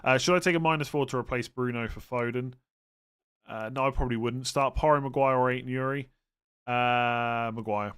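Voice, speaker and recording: This man's mid-range voice comes through clean as he hosts a live stream. He fields fantasy football questions from viewers in a relaxed way, thinking aloud with fillers and handing out quick verdicts.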